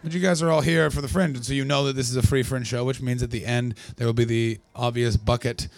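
A young Canadian man doing live stand-up at a small festival venue, profane and sarcastic, riffing with the crowd and breaking into yelled punchlines. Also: medium pitch, steady tone, quick pace. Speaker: stand-up comedian.

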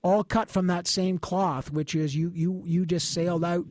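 A man interviewing guests on the radio, prompting with quick interjections. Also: sits high, fairly even intonation, noisy background.

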